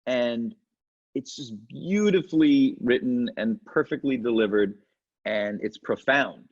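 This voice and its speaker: A middle-aged male comedian with a mid-range voice tells animated stories in an interview chat, slipping into quick impressions. The audio is muffled and lo-fi.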